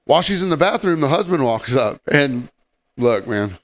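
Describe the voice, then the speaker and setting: A man's voice: medium pitch, big pitch swings, moderate pace. A man co-hosting a podcast, telling rambling, joking stories in casual chat and chuckling often. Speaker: podcast co-host.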